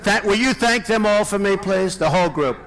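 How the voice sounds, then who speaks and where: A man's voice: high voice, a little fast, fairly bright tone, low-quality recording. A man in his sixties, a presidential candidate giving a campaign rally speech in a large indoor venue, rambling and repetitive with boastful asides. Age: 60s.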